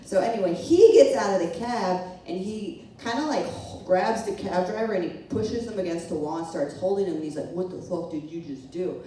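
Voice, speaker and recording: A woman's voice: medium pitch, expressive, fairly quick, few pauses, dark tone, slight background noise. A woman telling a funny personal story to a live audience, talking casually, laughing and swearing as she goes. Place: small event room with a live audience. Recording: echoey room from far off.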